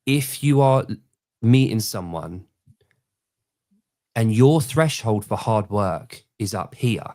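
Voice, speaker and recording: A man in his forties from Britain, hosting a casual podcast chat and telling stories with lively energy. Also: fairly low pitch, takes it slowly, no room sound, studio quality. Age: 40s. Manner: animated storyteller, mimics people in quoted voices. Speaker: podcast host.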